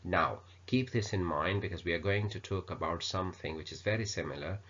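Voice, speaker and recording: A man teaching an English grammar lesson, explaining slowly with many ums and uhs. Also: low voice, fairly bright tone, a little hiss or hum. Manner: unhurried explaining with many fillers. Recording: dull lo-fi recording.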